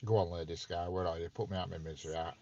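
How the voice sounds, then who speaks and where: A man's voice: low voice, fairly even intonation, racing, darkish tone, highs cut off, slight background noise. A man hosting a casual live stream, chatting with viewers and playfully quizzing them. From north of England. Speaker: livestream host chatting with viewers.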